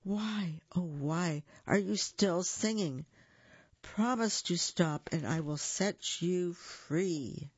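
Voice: mid-range voice, slow, slightly rough, no echo. A reader voicing a grumpy, bullying mayor in a storybook read-aloud, with huffy, threatening lines. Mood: pleading. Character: cranky bullying old village mayor. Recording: dull lo-fi recording.

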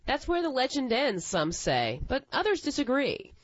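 Woman storyteller, tall tale reading, fairly high voice, lively lilt, dry dull sound. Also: moderate pace, no echo.

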